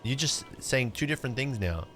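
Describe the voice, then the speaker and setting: A man's voice: medium pitch, animated, moderate pace, fairly bright tone, faint music behind. A young man chatting casually on a livestream while gaming, laid-back and rambling, cursing now and then. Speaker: streamer.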